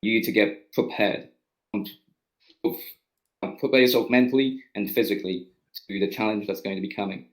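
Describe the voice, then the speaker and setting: Low-voiced man at a game table, halting and unsure. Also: low-quality recording. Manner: hesitant, full of fillers. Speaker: player.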